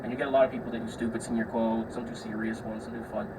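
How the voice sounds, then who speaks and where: A man's voice: fairly low pitch, flat delivery, racing, far from the mic, noisy background. A young man hosting a podcast, telling stories in a loose, chatty way, swearing freely and acting out the people he describes. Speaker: podcast host. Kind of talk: casual solo storytelling.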